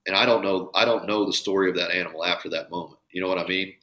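A man's voice: sits low, fairly even intonation, racing, bright, forceful tone. A man talking earnestly and emphatically on a casual podcast, swearing now and then. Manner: earnest, emphatic, profane at times. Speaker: podcast guest, bowhunter.

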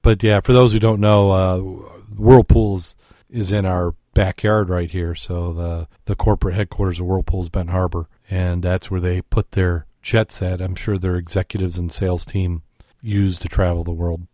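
A man co-hosting a podcast in casual chat, chatty and quick to laugh. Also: low voice, flat delivery, dark tone, no echo, clean studio sound. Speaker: podcast co-host. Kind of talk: casual chat and joke telling.

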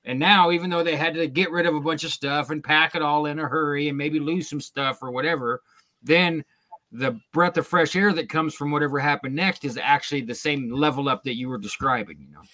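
Bright-voiced man talking earnest life advice. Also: on the high side, fairly quick. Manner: earnest, preachy, motivational, profane. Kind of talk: casual chat.

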